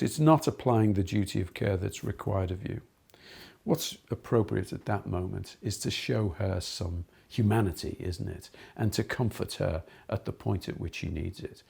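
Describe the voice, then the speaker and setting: A man's voice: on the low side, creaky, warm tone, breathy edge. A middle-aged man giving an earnest lecture to trainee teachers, telling anecdotes with many fillers and restarts.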